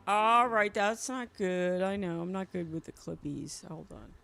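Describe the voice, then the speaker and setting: A man's voice: sits high, moderate pace, vocal fry, faint music behind. A man hosting a casual podcast chat, easygoing as he fumbles through screen sharing.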